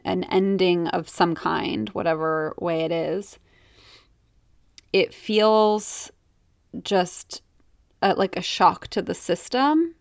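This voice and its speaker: Young woman podcast host, low gravelly voice, dry close sound, rambly and reflective. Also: no room sound. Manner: reflective, halting, many "like" and "you know". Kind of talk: candid personal monologue.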